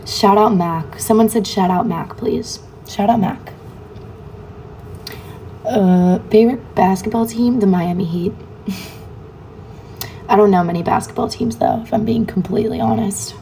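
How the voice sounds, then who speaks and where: Young woman livestreamer, mellow voice, casual comment-reading chat, faint hiss on a phone mic. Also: mid-range voice, unhurried, pauses often. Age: young adult. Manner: chatty, reads comments aloud and answers them offhandedly.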